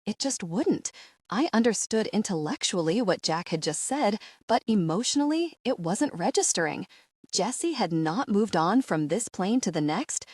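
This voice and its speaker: A woman narrating a first-person audiobook in an expressive, wry, conversational way. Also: medium pitch, no echo, studio quality.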